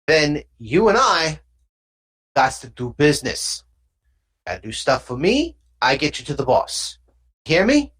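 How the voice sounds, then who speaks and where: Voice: medium pitch, sing-song, a little slow, pauses often, fairly bright tone, slightly rough, full character voice. A game master voicing a pushy alien mobster thug. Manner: streetwise slang, pushy, rambling.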